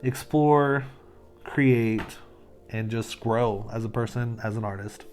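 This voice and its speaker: A man's voice: medium pitch, slow pace, darkish tone, soft background music. Upbeat chatty man hosting an art vlog. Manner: upbeat and chatty, laughs often. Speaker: artist and channel host. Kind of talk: casual art vlog narration.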